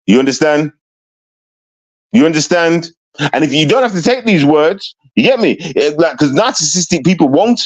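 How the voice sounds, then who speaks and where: A man's voice: fairly high pitch, lively intonation, normal speed. A man ranting bluntly and confrontationally into the camera, repeating himself for emphasis. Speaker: vlogger. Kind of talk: ranting commentary.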